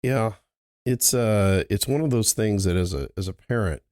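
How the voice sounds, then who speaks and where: A middle-aged man, the host's parent, chatting casually and hesitantly, filling pauses with "you know". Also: fairly low pitch, darkish tone, no room sound, studio quality. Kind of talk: casual chat.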